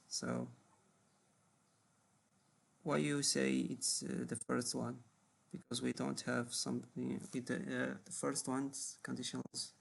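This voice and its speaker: Gravelly-voiced man teaching English. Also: mid-range voice. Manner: patient, repeats words, short affirmations. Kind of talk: one-on-one grammar lesson.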